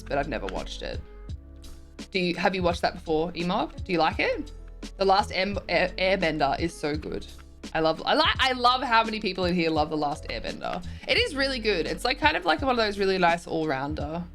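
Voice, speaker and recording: A woman's voice: on the low side, a bit bright. A young woman streamer chatting casually as she reads and answers viewer messages, often giggling.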